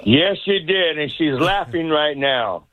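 A man's voice: a little high, expressive, measured pace, fairly bright tone. A man calling in to a sports radio show, joking and rowdy. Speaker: radio caller. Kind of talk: joking phone call. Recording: dull phone line.

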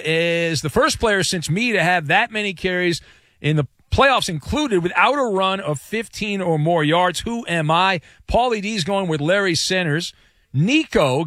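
A man hosts sports talk radio in a high, bright voice that leaps around his range. He is excitable and breaks into shouted chants. The studio sound is dry. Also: no echo.

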